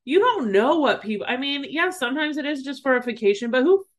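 A woman's voice: high-pitched, animated, fast. A woman in casual conversation, ranting with indignation. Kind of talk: casual chat.

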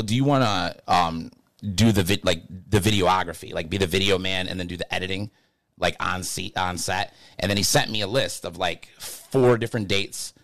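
Young male podcast co-host, lively storyteller, fast bursts, close dry mic. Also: sits low, no room sound. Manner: animated storyteller, fast bursts, filler-heavy. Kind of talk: casual chat.

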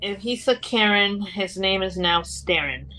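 A woman's voice: mid-range voice, expressive, sharp tone, faint music behind, rough recording. A woman co-hosting a true crime podcast who chimes in with short reactions and jokes. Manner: short, quick interjections. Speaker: podcast co-host.

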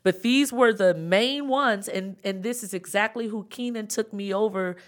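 An excitable woman recounts a story as a guest in a radio studio. Her talk is animated and her words come in quick bursts when she gets going. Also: medium pitch. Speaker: comedy show producer, guest. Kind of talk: storytelling in an interview.

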